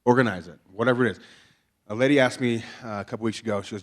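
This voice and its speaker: A male pastor talks to his congregation in a loose, conversational sermon. He jokes in a folksy way and keeps asking rhetorical questions to pull the room along. His voice sits at an ordinary middle pitch. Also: steady tone, rapid-fire. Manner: folksy, joking, peppers talk with rhetorical questions. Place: chapel before a congregation.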